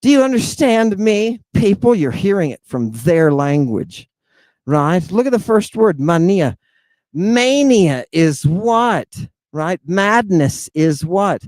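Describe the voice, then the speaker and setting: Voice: medium pitch, expressive, slow, a little mellow, no echo. A lecturer and host giving a livestreamed lesson on ancient Greek words, emphatic and blunt, checking in with constant rhetorical questions. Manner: provocative and blunt, with exclamations.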